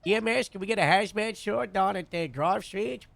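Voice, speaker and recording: A man role-playing a police captain over radio chatter, halting and full of fillers, using police jargon. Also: sits high, gravelly, fairly bright tone.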